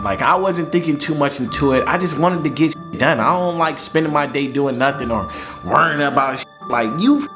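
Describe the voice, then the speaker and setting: A young man telling a personal story in a casual vlog, animated, slangy and profane. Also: on the high side.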